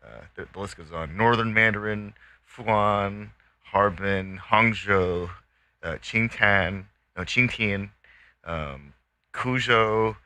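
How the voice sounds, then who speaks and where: A man who is a guest in a casual podcast discussion, speaking in a slow, deliberate way as he reels off a list. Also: fairly low pitch, pushed and bright, no echo.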